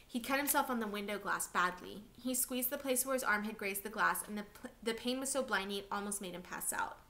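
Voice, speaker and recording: Bright-voiced woman reading a novel. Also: mid-range voice, brisk. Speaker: reader of a novel for a class. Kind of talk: novel read aloud.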